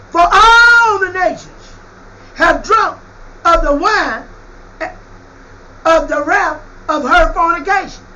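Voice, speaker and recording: A preacher man with a very high, bright voice, preaching with fire. He shouts scripture lines, then slips into loose slangy asides. A faint hiss runs behind him. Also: poor audio. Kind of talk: sermon on scripture.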